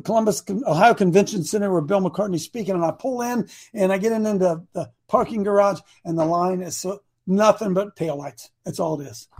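A man preaching a story-driven sermon, animated and bursting into shouts for emphasis. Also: sits high, husky.

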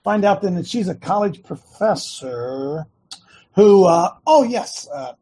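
A middle-aged man hosting a Christian talk show, rambling and preachy, with many restarts and a slightly hoarse throat. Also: high-pitched, expressive, measured pace, dark tone.

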